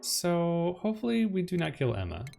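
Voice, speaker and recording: A man talks through his gameplay in a relaxed, chatty way, his voice leaping up and down as he goes. There is a gravelly rasp under his words, and music plays behind him. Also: high-pitched, normal speed. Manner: chatty, swings between calm planning and loud alarm. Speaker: let's play host. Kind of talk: casual gameplay commentary.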